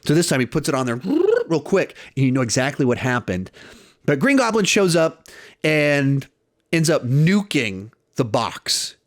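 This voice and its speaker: A man's voice: mid-range voice, very animated, a little slow, no echo, clean studio sound. A young man giving a casual spoken film review, retelling scenes and acting out quoted lines.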